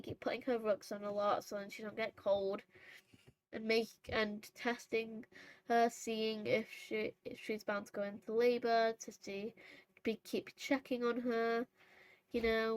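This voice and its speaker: A woman with a somewhat high voice chats casually over her horse role-play gameplay. She rambles and corrects herself often, with plenty of fillers, in the easy manner of a gaming vlogger. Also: low-quality recording. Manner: rambling and chatty, full of fillers and self-corrections.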